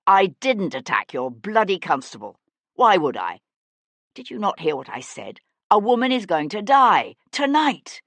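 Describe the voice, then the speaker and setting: A woman voicing an intense, earnest young aristocrat detective who speaks low and urgently and swears when angry. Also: very animated, unhurried, vocal fry, fairly bright tone, dry recording, full character voice. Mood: furious.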